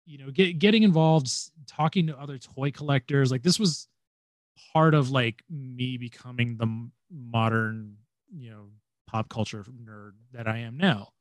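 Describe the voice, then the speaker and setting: A man's voice: mid-range voice, normal speed, dry recording. A young man chatting casually as a podcast co-host, rambling with many fillers and restarts. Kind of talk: casual fan chat.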